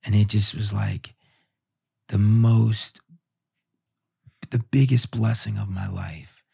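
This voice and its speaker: A man guest on a podcast, telling a personal story in a heartfelt, halting way with many restarts. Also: on the low side, steady tone, creaky, mellow, slightly rough.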